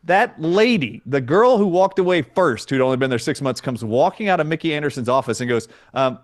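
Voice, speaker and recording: A man's voice: medium pitch, a little fast. A man who is a doctor and a guest on an interview show, telling a story emphatically and acting out the dialogue. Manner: animated, emphatic, acts out dialogue.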